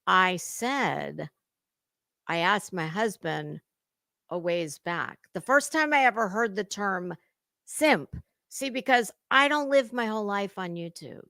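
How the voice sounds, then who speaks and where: A woman's voice: lowish voice, sharp tone, dry recording, clean studio sound. A woman hosting a casual livestream, greeting viewers in chat and talking in a salty, chatty way with cusswords. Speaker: livestream host.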